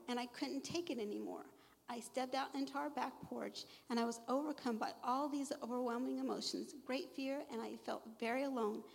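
A woman's voice: on the high side, creaky. A middle-aged woman sharing her faith testimony, earnest and emotional, quoting scripture to a live audience. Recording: long echo of a large hall.

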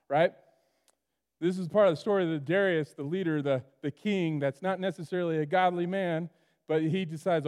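A man preaching a sermon to his church, animated, acting out the voices of the people in the story. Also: on the high side, fairly quick, big-room sound. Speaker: pastor.

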